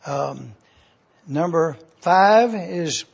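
A man teaching a sermon slowly and deliberately, repeating points for review. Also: on the high side, animated, vocal fry, breathy edge. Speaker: preacher. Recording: dull lo-fi recording.

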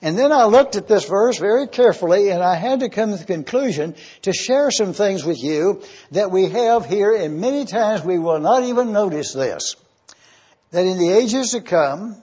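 A man preaching an expository sermon as pastor, teaching slowly and emphatically with deliberate repetition of key words. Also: high voice, darkish tone, breathy edge. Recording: dull lo-fi sermon recording.

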